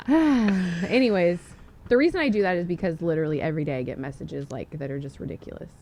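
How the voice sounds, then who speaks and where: A woman's voice: lowish voice, expressive, brisk, gravelly, a little mellow, slight background noise. Woman cohost spilling a story, blunt and sweary, laughs a lot, casual podcast chat. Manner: blunt, swears freely, laughs while telling stories. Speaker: podcast co-host.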